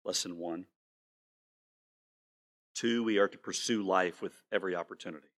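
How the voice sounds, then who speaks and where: A male pastor delivering a sermon in an earnest way, slowing down to stress his words and now and then repeating himself. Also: low-pitched, fairly bright tone.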